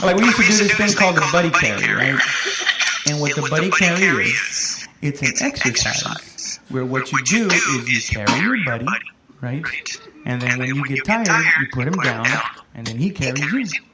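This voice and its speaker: A man doing a stand-up comedy set, telling animated stories and shouting out impressions. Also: mid-range voice, moderate pace. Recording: noisy roomy club recording.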